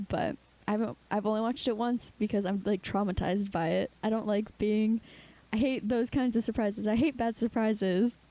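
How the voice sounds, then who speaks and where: Young female co-host, mellow and warm-toned, effusive, emotional casual chatter. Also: medium pitch, steady tone, moderate pace, rough recording. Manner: gushing, emotional, says "like" a lot. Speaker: podcast co-host. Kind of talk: casual chat.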